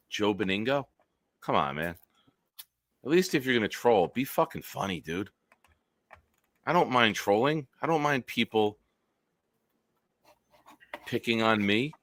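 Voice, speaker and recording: A man's voice: medium pitch, fairly bright tone, no echo. Joking man hosting a sports stream. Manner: joking, rambling, hypes the chat. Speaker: host. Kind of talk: casual sports talk livestream.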